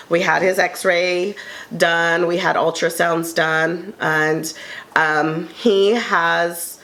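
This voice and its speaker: A woman shares a heartfelt story at a casual table talk. She speaks in a fairly low voice, earnest and unhurried. She often pauses with ums. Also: a bit bright. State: tearful at moments. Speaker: panel co-host sharing her story.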